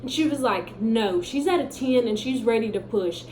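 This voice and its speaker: Young woman telling a storytime, animated and chatty, kinda high voice, echoey room. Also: normal speed. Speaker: vlogger. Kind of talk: casual storytime. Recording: echoey room with faint background hum.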